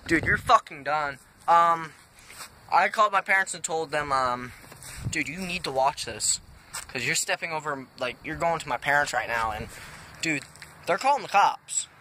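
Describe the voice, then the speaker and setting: A man's voice: fairly high pitch, normal speed, bright, forceful tone. A young man vlogging in an exasperated, swearing rant, saying dude a lot, his voice cracking. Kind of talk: casual vlog rant. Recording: noisy home-made recording.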